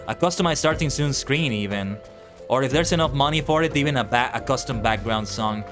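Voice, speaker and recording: A man's voice: medium pitch, a little fast, over music. A man streaming live, chatting casually with his viewers and reading their messages aloud as he answers them. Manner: animated, reads and answers chat aloud.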